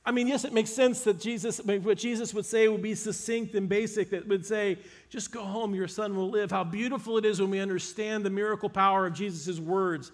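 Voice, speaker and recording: A man preaching a sermon, retelling scripture with animated, emphatic storytelling. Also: high voice, fairly quick, few pauses.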